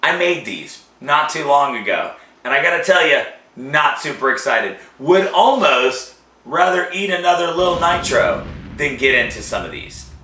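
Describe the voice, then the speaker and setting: A man hosting a casual food-tasting show, joking and reacting in a drawn-out, animated way. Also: fairly high pitch. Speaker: show host. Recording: echoey room.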